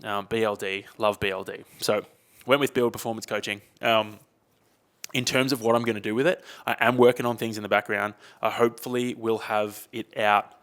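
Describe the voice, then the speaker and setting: A man's voice: fairly low pitch, fairly even intonation, moderate pace, fairly bright tone. A young man, chatting casually and rambling on his own podcast. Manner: rambling, chatty, uses slang like mate and dude. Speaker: podcast host. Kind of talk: casual solo podcast chat.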